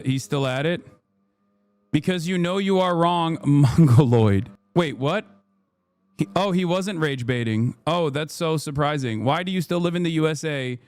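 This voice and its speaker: A man's voice: fairly high pitch, no echo. A man, ranting and swearing as he comments on a livestream. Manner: heated, ranting, swears often. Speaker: streamer.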